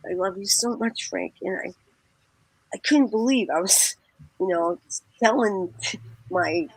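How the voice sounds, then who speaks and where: A woman's voice: medium pitch, a little slow, breathy edge, no echo. A woman guest telling a rambling, profane story in casual chat, laughing often and acting out the people she quotes. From Boston area. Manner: laughs often, swears, acts out quoted voices.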